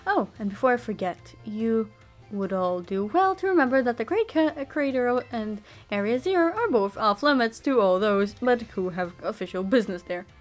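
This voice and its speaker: A woman's voice: fairly high pitch, expressive, normal speed, soft background music, close to an everyday voice. A woman voicing a prim, pompous history teacher in a stilted made-up accent. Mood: lecturing.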